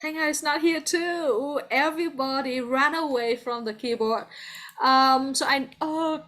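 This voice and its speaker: A woman's voice: sits high, a little slow, a bit bright. A woman with a Vietnamese accent teaching an English class over a video call, patient and encouraging, calling on students by name.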